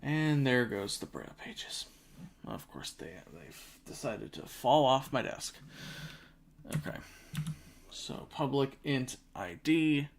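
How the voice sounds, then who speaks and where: Slow, unhurried man coding live. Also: mid-range voice, very animated, a little hiss or hum. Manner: thinks aloud step by step while typing. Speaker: developer hosting a coding livestream. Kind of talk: casual live coding narration. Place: at a desk. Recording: audible keyboard typing behind.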